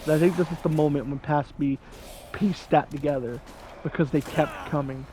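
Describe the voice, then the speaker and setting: A man's voice: on the high side, steady tone, normal speed, noisy background. A young man in his twenties chatting casually over gameplay, rambling and laughing at his own jokes. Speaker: gaming channel host. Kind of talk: casual let's-play commentary.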